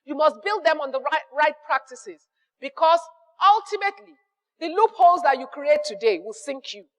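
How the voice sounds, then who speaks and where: A high-pitched woman with a Nigerian accent lectures on running an honest business. She hammers her points home, repeating phrases for weight and slipping into short acted-out exchanges with customers. Her voice carries a long reverb, as in a hall. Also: animated, normal speed. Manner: emphatic, repeats key phrases, acts out little dialogues. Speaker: business mentor. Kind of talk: motivational business advice talk.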